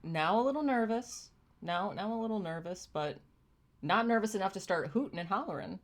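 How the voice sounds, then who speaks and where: A brisk, expressive, mid-range voice belongs to a young woman reacting to chimp videos on stream. Casual and emotional, she alternates between plain, thoughtful explanation and tearful gushing.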